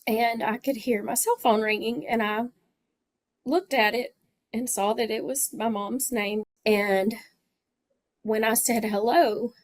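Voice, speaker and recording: A woman's voice: fairly high pitch, fairly even intonation, slow pace. A woman, a teacher and the victim's sister, recounting in a documentary interview how she heard the news. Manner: emotional, recounting a phone call.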